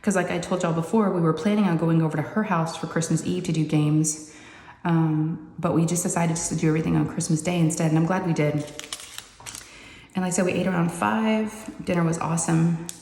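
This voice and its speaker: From her upstairs craft room with the door closed, a woman hosting a crafting channel chats casually to viewers in a lowish, steady, mellow voice, speaking briskly, meandering and saying y'all. The room is echoey with long reverb and faint noise.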